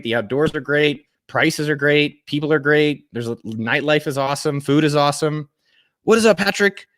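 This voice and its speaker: A man's voice: a little high, no echo, studio quality. Joking, foul-mouthed man hosting a livestream. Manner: energetic, joking, swears freely, greets viewers by name. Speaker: host of live office hours. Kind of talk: casual livestream chat. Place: friend's home indoors.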